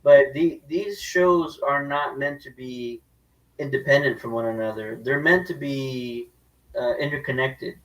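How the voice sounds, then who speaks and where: A man co-hosting a movie talk show, calm and explanatory in casual chat. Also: medium pitch, far from the mic, rough recording. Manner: measured, explanatory. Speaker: podcast co-host. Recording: voice a bit away from the mic.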